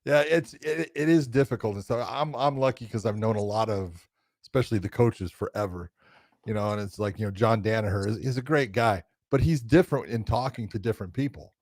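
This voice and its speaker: A man's voice: on the low side, a little fast, a little mellow, no room sound, clean studio sound. A man co-hosting a casual podcast, rambling and leaning on "you know", now and then acting out what others said. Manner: rambling, full of "you know", acts out quotes. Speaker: podcast co-host, grappling referee.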